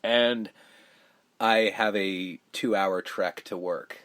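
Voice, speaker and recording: A man's voice: lowish voice, steady tone, takes it slowly, a bit bright, slight background noise. A man co-hosting a casual movie-review podcast, rambling and swearing freely as he retells scenes. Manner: profane, rambling, acts out quotes. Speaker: podcast co-host.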